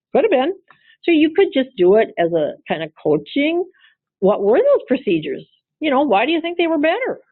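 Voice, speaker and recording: A woman lawyer talks through workplace cases in a loose, conversational lecture, asking her listeners questions as she goes. Her voice sits in an ordinary middle range. The sound is narrow and tinny like a phone call, with no room echo at all. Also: mid-range voice. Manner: chatty, asks the audience rhetorical questions, frequent "you know" and "um". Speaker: employment lawyer presenting a webinar. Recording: tinny phone-line audio, dry.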